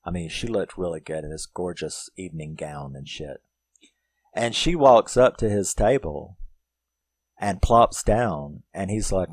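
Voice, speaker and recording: A man's voice: deep voice, animated, measured pace, no echo. A man giving a casual spoken film recap, rambling and profane, full of filler words. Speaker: film reviewer.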